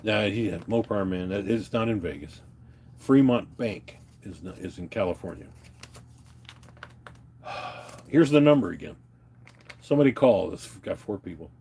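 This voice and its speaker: A man's voice: lowish voice, lively intonation, normal speed, pauses often, dark tone, a little hiss or hum. A man livestreaming an unscripted, agitated rant, swearing and telling his viewers about his grievances. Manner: agitated, profane, ranting and telling stories to viewers. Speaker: livestreamer answering chat.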